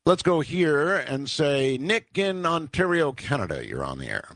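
A man hosting a call-in radio show, asking callers musing, drawn-out questions. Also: a little high, very animated, a bit bright, no room sound, clean studio sound. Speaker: radio talk show host.

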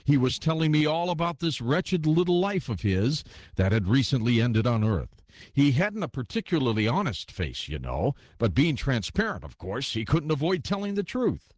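Expressive male audiobook narrator. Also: mid-range voice, moderate pace, dry recording, studio quality. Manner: expressive, storytelling. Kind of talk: audiobook reading of a ghost story.

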